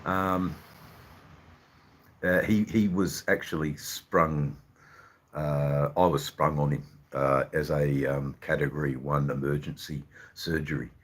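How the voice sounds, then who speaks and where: A man's voice: extremely low pitch, steady tone, slow pace. An Australian man hosting a live stream, chatting casually to viewers in a rambling, hesitant way full of ums and uhs. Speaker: livestream host.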